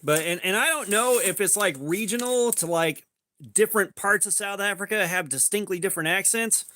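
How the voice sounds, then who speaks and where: High, bright-voiced man chatting on a livestream. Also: brisk, dry recording. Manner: loose and rambling, heavy on "like", swears freely; greets chat viewers by name. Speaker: livestream host. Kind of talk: casual livestream chat.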